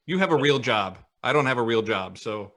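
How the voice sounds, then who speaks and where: Man co-hosting a casual beer podcast. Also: mid-range voice. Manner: relaxed, halting, many fillers, reads viewer comments. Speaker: podcast co-host. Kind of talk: casual live-stream chat.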